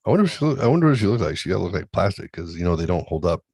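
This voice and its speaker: A middle-aged man hosting a crude, casual chat show, loud and laughing, often putting on high voices to mimic his kids. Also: very animated, racing, husky, no echo. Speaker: podcast host.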